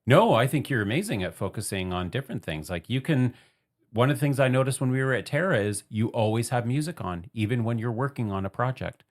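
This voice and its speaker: A woman with an unusually deep voice co-hosts a podcast, chatting casually. She talks bluntly, laughs easily and likes to set things straight. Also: expressive, quick pace. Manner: blunt, laughs often, clarifying. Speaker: podcast co-host. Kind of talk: casual chat.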